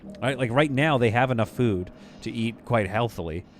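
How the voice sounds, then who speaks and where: A man from Vancouver, Canada, livestreams a space-building game, thinking out loud and chatting with viewers as he plays. His medium-pitched voice moves at normal speed over slight background noise.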